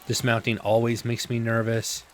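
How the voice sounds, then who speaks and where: In this let's-play, a man with a mid-range voice talks at normal speed in a completely flat delivery, yet stays chatty and self-mocking, rambling off on asides into his desk microphone.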